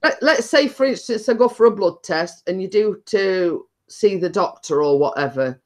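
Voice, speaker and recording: A woman's voice: mid-range voice, lively intonation, normal speed, darkish tone. A woman hosting a casual chat, rambling and repeating her words as she tells a story. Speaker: host.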